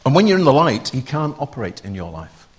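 Husky man preaching a sermon. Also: mid-range voice, very animated, quick pace. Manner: conversational, asks the congregation rhetorical questions.

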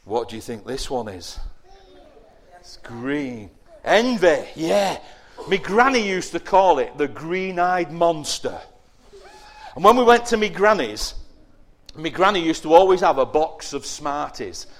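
A man giving a lively children's sermon, asking the young listeners questions and acting out whiny voices. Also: fairly high pitch, unhurried. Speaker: preacher giving a children's talk.

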